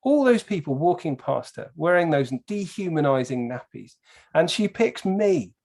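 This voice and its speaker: Man, podcast guest, lively storyteller who swears a lot. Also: on the high side, normal speed, vocal fry. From England. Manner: animated storyteller, swears freely. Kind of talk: casual podcast chat.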